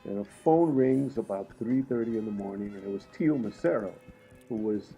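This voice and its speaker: A man from Puerto Rico, a guest musician, telling animated stories with frequent laughs. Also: lowish voice, normal speed, soft background music, poor audio. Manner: lively, laughs often while telling stories. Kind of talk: animated storytelling in conversation.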